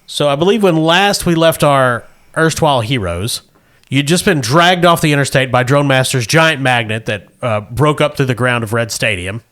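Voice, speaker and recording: A man's voice: medium pitch, expressive, moderate pace, a bit bright. Guy gm narrating a tabletop game, lots of scene detail, chuckles a lot. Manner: vivid scene-setting, chuckles between lines. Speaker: game master.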